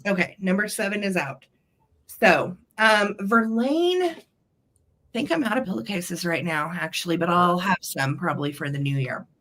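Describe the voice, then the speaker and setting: Gushing woman with a lowish voice. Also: animated, moderate pace, a bit bright. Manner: gushing, sweet, chatty. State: throat tickle, clearing throat. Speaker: co-host of live vintage sale. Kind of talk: live selling chat.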